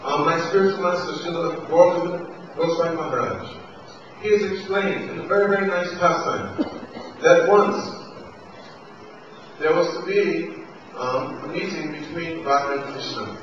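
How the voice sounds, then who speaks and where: Man telling a devotional story, distant and echoey. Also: a little high. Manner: lilting narration with quoted dialogue, drawn-out repetitions. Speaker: spiritual teacher. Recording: distant voice in a reverberant hall, dull lo-fi, noisy.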